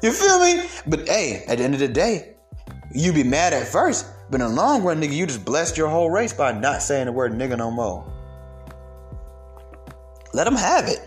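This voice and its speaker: A man's voice: fairly high pitch, huge pitch swings, moderate pace, pauses often, faint music behind. A young man delivering a heated, profane rant of social commentary, emphatic and blunt.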